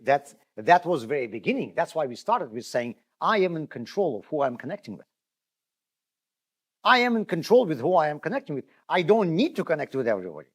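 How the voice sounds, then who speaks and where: Animated rabbi teaching with lively pitch. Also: male voice, brisk. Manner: animated, storytelling, repeats and restarts words, addresses listeners directly. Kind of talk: spoken Torah lesson.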